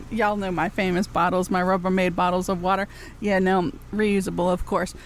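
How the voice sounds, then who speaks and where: A woman host, chatting casually on live radio, rambling and cheeky, laughing often between phrases. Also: mid-range voice.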